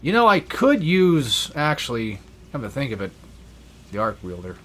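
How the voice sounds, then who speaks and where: A man's voice: mid-range voice, huge pitch swings, moderate pace, a bit bright. A young man giving casual gameplay commentary, rambling and swearing freely with self-deprecating asides. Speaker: let's play gamer.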